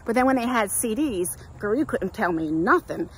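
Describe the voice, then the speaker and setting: A middle-aged woman with a New Jersey accent, telling a story in a chatty, animated way while walking outdoors with her phone. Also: mid-range voice, normal speed, a little hiss or hum, poor audio. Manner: chatty, animated storytelling, acts out quoted voices. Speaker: vlogger. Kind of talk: walk-and-talk storytime.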